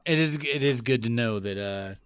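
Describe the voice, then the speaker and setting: A man co-hosting a podcast, chatting casually in a blunt, animated way. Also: moderate pace, clear, resonant tone, dry recording. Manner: animated, blunt, jumps up in pitch when worked up. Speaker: podcast co-host. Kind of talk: casual chat.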